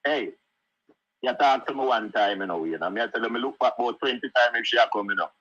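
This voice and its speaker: A man's voice: medium pitch, fast, fairly bright tone, husky, no echo, lo-fi sound. A middle-aged Jamaican man telling stories in casual chat, laughing often and saying "you know" at every turn.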